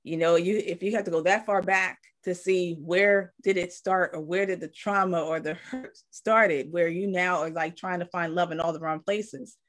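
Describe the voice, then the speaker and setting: A woman's voice: lowish voice, fairly even intonation, moderate pace, few pauses. Heartfelt woman telling a personal story. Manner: heartfelt storytelling, acts out quoted voices. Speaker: co-host. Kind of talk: live-stream talk show chat.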